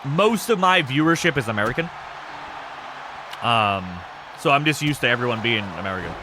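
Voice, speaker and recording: A man in his thirties hosting a game stream, chatting casually and answering chat in a rambling, self-described monotone. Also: mid-range voice, normal speed, noisy background. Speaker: streamer hosting an e-fed wrestling show.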